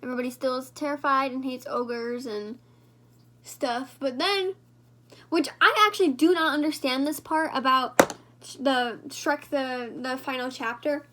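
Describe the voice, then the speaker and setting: High-voiced chatty woman vlogger. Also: fairly even intonation, unhurried, sharp tone. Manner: rambling, talks to viewers directly. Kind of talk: casual chat while doing makeup.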